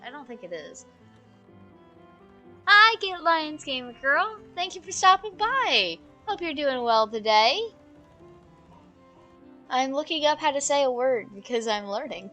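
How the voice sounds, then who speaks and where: A woman's voice: sits high, lively intonation, a little slow, pauses often, sharp tone, faint music behind. A woman streamer giving casual gameplay commentary, chatty and jokey, thinking aloud as she plays.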